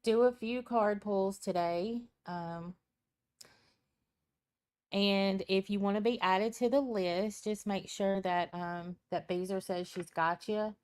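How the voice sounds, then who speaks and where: Her voice is medium-pitched, steady, slow, a bit mellow, clear, and resonant. A tired tarot reader live-streaming from home over her computer mic, with a small fan running, she chats casually, welcomes viewers by name, and laughs and says "um" often.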